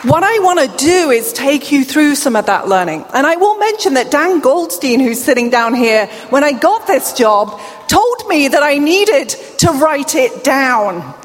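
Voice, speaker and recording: A woman's voice: high voice, sing-song, a little slow. Upbeat British woman with a deaf accent. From England. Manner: upbeat, chatty, rallying the crowd. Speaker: keynote speaker. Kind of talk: conference keynote speech. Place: large conference hall. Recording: reverberant hall from a distance.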